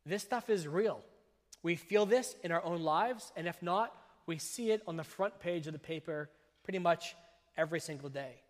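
Guy preaching a sermon, kinda high voice, pauses a lot for emphasis, long church echo. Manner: measured, emphatic delivery with phrase-by-phrase pauses. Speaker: pastor. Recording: long reverb of a church hall.

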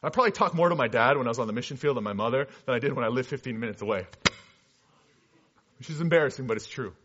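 A man who works as a missionary, telling his story in a sermon with earnest storytelling that moves between animated and hushed passages. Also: medium pitch, very fast. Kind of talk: sermon testimony. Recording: dull lo-fi recording.

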